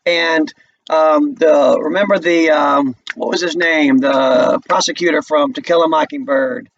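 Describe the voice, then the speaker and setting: A male English teacher giving a relaxed, chatty recorded lesson from home, checking in with his students as he goes. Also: a little high, measured pace, highs cut off, a little hiss or hum. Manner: relaxed and chatty, asks the class questions.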